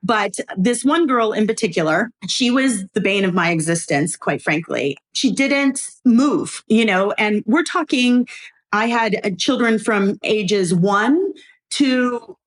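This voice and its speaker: A middle-aged woman, a guest on a podcast, telling a story in a casual, animated way, acting out quoted lines and laughing often. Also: mid-range voice, takes it slowly. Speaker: podcast guest, former preschool owner.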